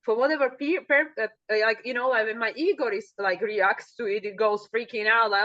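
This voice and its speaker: Bright animated woman chatting. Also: fairly quick, few pauses, muffled recording. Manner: animated, acts out quoted thoughts in a higher voice. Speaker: co-host. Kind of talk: casual spiritual chat.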